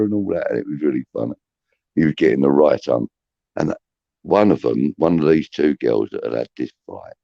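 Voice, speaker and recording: This middle-aged podcast host tells casual, profanity-laced stories in a rumbling low voice that is creaky and dark. There's no echo, though the sound comes across dull and muffled.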